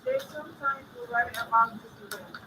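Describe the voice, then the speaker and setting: A woman taking part in a group class, reading practice lines aloud in a lively, expressive way. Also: fairly high pitch, moderate pace. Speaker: group participant. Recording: distant, echoey noisy room.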